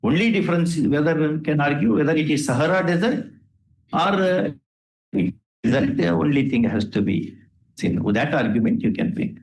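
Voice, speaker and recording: A judge with an Indian English accent lectures and scolds the lawyers with rhetorical questions. His voice sits a touch high for a man. The courtroom around him sounds roomy and echoey. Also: animated, moderate pace. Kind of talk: courtroom remarks from the bench.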